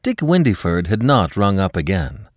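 Deep-voiced male storyteller. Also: dry recording, clean studio sound. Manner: expressive, measured reading. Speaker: narrator. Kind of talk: scripted story narration.

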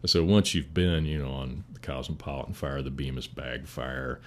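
Older fire chief, very deep, calm storyteller with restarts. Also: male voice, normal speed, a little hiss or hum. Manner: calm, steady, rambling with restarts. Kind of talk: casual interview storytelling.

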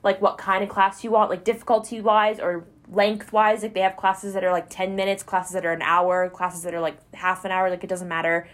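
A woman's voice: medium pitch, level tone, fairly quick, few pauses. A young adult woman co-hosting a podcast, talking casually and rambling with many filler words. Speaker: podcast co-host. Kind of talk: casual chat.

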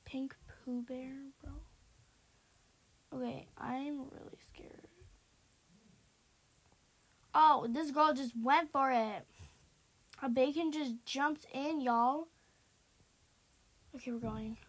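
A young woman with a high, light voice talks through a horror game as she plays it. She is jumpy and easily startled, and her delivery keeps swinging between scared, hushed whispers and sudden loud outbursts. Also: fairly even intonation, slow, long pauses. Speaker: gamer. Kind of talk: horror game let's-play commentary.

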